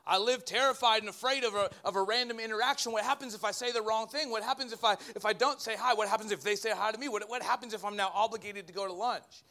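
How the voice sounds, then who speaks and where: A man, a pastor, preaching a sermon in an animated way with joking asides to his congregation. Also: sits high, quick pace, few pauses.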